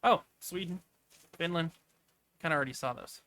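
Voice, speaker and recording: Bright-voiced man rambling through listings. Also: on the high side, normal speed. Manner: rambling, off-the-cuff asides. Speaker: vlogger walking through travel listings. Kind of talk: casual screen-share commentary.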